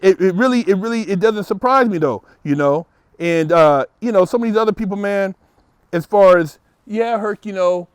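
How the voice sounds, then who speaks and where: Responding to viewer comments, this high-voiced male host delivers a casual monologue full of strong opinions, repeating words as he gets worked up. The recording has no echo.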